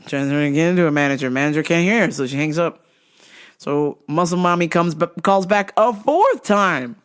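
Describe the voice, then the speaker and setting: A woman hosting a podcast who tells a comic story in an animated way, laughing often and swearing freely. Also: low-pitched, normal speed, clean tone. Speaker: podcast host.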